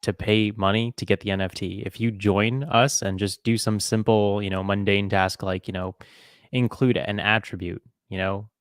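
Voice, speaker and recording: A man's voice: lowish voice, little pitch movement, normal speed, smooth, no room sound, studio quality. A man co-hosting a casual podcast roundtable, explaining things in an easygoing way. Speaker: podcast co-host.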